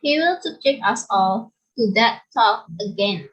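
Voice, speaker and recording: A woman student with an Indonesian accent reading a class presentation, careful and halting with restarts. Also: mid-range voice, expressive, fairly bright tone, low-quality recording.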